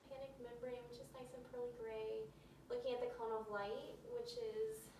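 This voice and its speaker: A woman's voice: sits high, sing-song, moderate pace, warm tone. Woman narrating an exam, echoey and distant. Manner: methodical, talks through each step with fillers. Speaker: clinician demonstrating a physical exam. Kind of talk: narrated step-by-step clinical demonstration. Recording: echoey room, distant mic, faint hum.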